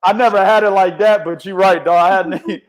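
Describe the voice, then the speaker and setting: A man's voice: high-pitched, fast. A man co-hosting a casual boxing podcast, talking with heavy slang and profanity and telling stories. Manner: profane, animated, storytelling with slang. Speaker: podcast co-host.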